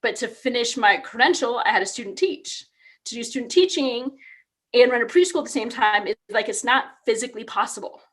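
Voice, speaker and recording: A woman in her thirties talks casually and upbeat as a podcast guest, her voice sitting fairly high. She is from California and fills her talk with "like". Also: fairly quick, a bit bright. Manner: chatty, upbeat, lots of "like". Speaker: podcast guest, elementary PE teacher. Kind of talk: casual interview conversation.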